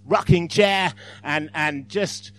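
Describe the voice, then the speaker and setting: A man voicing a boisterous Texan cowboy, loud and whooping. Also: on the high side, slow, slight background noise. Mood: exuberant.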